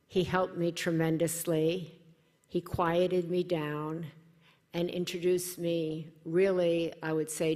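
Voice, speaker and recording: A middle-aged American woman speaks from a podium in a large hall, and her voice carries a long reverberant tail. Her pitch sits slightly low. She talks with earnest gratitude and turns lively and expressive when she tells a personal story. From United States. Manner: warm, earnest, animated when quoting others. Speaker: event speaker. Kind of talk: personal speech at a dinner event. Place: large hall at a dinner event.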